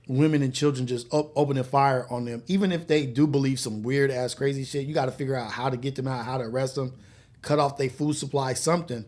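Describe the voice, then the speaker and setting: A man's voice: mid-range voice, steady tone, fairly quick, darkish tone. A man hosting a live morning show, talking in a loose, profane, casual way and laughing often. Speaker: host. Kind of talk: casual live-stream chat.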